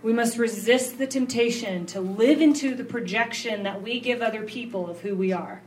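A woman's voice: moderate pace, slight background noise. Earnest woman preaching, heard from a distance. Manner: earnest, confessional, mixes quiet lows with emphatic rises. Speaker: pastor's wife. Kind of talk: sermon.

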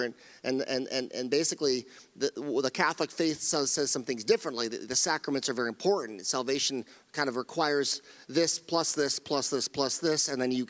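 A man's voice: mid-range voice, fairly bright tone, in a large hall. A middle-aged male pastor preaching a sermon, earnest and emphatic, often repeating phrases and restarting his sentences. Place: church sanctuary.

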